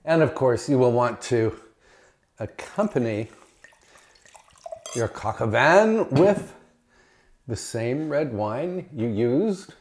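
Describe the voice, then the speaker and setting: Slow, chatty man cooking at home. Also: medium pitch, very animated, darkish tone. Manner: chatty and enthusiastic, talks while tasting. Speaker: cooking channel host. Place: home kitchen at the stove. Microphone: camera mic, moved at times.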